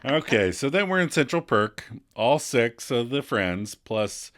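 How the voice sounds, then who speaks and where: A woman's voice: a bass voice, big pitch swings, a little slow. A woman co-hosting a podcast, wryly retelling sitcom scenes in casual chat and laughing often. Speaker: podcast co-host.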